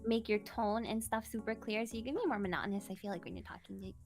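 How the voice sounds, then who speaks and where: A young woman joining a stream as a guest artist, chatting casually with quick, giggly interjections. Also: mid-range voice, steady tone, a little mellow, faint music behind. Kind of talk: casual chat.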